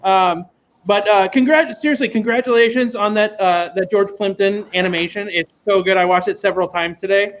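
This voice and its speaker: Man, show host, high voice, faint background noise, enthusiastic, rambling, video call. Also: steady tone, brisk, low-quality recording.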